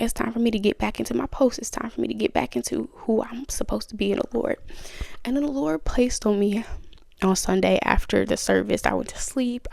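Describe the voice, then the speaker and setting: Chatty woman with a gravelly fry. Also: on the high side, a little mellow, no echo. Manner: chatty, conversational storytelling. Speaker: podcast host. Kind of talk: casual testimony and Bible study talk.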